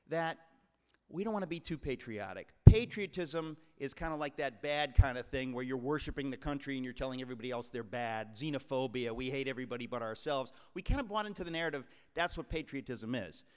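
A man's voice: medium pitch, clean tone. Emphatic man in his 60s, echoing hall. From New York tri-state area, USA. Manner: emphatic, preacherly, addresses listeners as folks. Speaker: author giving a talk. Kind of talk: speech to a live audience. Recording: long hall reverb.

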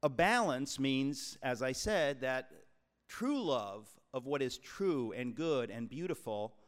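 A man's voice: medium pitch, animated, slow. Emphatic man in his 60s, echoing hall. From New York tri-state area, USA. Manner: emphatic, preacherly, addresses listeners as folks. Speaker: author giving a talk. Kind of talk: speech to a live audience. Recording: long hall reverb.

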